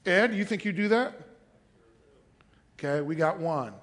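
A male pastor with a notably high voice preaches a sermon to his church. He drops into quiet, chatty asides, then climbs to forceful shouted declarations. He keeps pressing the congregation to call out their answers. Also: a little slow.

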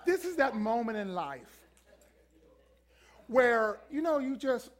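A male pastor tells a comic story from the pulpit in a very high voice. He is animated, acts out the voices and screams of the people in the story, and stumbles through bursts of repeated words as it builds. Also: slow pace. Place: church before a congregation.

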